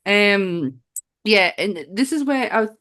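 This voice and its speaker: A woman's voice: mid-range voice, animated, takes it slowly, a bit bright. A woman co-hosting a casual film review podcast, blunt and giggly, and she swears freely. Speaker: podcast co-host.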